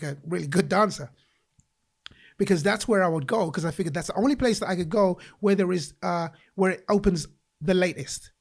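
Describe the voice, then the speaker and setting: A man from England, speaking as a guest on a podcast. His voice sits a little high and has a gravelly edge. He tells his story with animation and slips into the voices of the people he quotes. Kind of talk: personal storytelling in a podcast interview.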